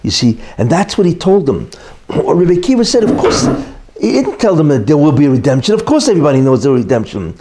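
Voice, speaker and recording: A man's voice: on the high side, very animated, quick pace, background noise. A middle-aged man teaching a Torah lesson, emphatic and repetitive, posing rhetorical questions and then answering them. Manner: repeats key points for emphasis. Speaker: religious teacher.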